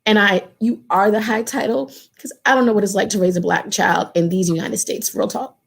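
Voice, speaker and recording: A woman's voice: mid-range voice, fairly even intonation, brisk, gravelly. A woman who organizes in her community and once ran for office, speaking earnestly to a panel. She repeats phrases for emphasis and talks to the group in a casual, direct way. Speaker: community organizer and former political candidate. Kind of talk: heartfelt panel remarks.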